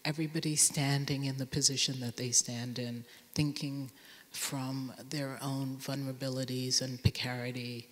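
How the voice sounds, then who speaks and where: A woman speaking as a guest in an onstage conversation in a large theater, soft-spoken and measured. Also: extremely low pitch, level tone. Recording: long theater reverb.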